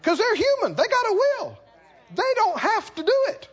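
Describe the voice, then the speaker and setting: High, expressive male preacher; emphatic sermon storyteller, slightly muffled recording. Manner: storytelling with animated asides and laughter; emphatic, repeats key lines slowly.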